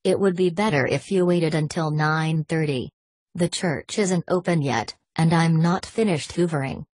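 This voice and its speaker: A woman's voice: sits low, moderate pace, darkish tone, breathy edge, no echo. A woman reading a curt young altar boy. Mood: grumbling. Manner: curt, grumbling.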